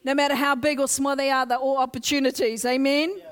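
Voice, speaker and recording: High-voiced energetic woman preaching. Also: brisk. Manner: energetic, exclaiming, loud, urging the crowd. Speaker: guest preacher. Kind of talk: Pentecostal sermon with congregation call-and-response. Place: church service.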